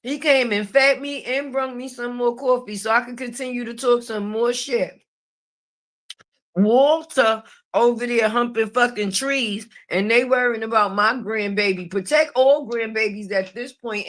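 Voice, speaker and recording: A woman's voice: on the high side, measured pace, fairly bright tone. A middle-aged woman giving casual live-stream commentary, brash and profane, laughing often at her own jokes.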